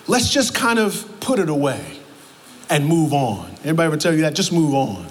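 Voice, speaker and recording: A man preaching a sermon in a church, emphatic and repeating his words, calling out to the congregation. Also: medium pitch. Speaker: pastor. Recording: long hall reverb, faint ambience.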